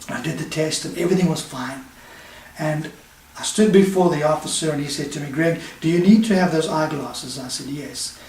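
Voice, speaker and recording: A man preaching from the pulpit, a fairly high voice, pressing his points with quick runs and slowed, stressed phrases. He sounds some way from the mic in an echoey church hall with faint ambience behind. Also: gravelly, darkish tone, a little hiss or hum. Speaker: pastor. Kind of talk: sermon. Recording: echoey room, mic at a distance.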